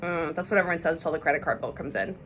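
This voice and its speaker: A woman talking to camera in a casual travel vlog, chatty, excitable and jokey, recorded outdoors on a handheld camera. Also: deep voice, very fast, a little hiss or hum. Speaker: travel vlogger. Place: outdoors on a café patio and in city streets.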